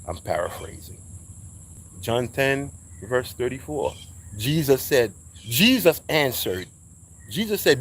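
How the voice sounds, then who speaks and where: A man's voice: mid-range voice, animated, measured pace. A man giving a casual spiritual monologue, preachy and emphatic, swearing freely as he talks. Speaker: speaker sharing spiritual views.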